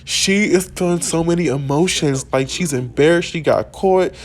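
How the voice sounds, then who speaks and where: A man hosting a casual let's-play video, telling the game's drama in an excitable, gossipy way. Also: a little high, normal speed. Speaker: gaming video host.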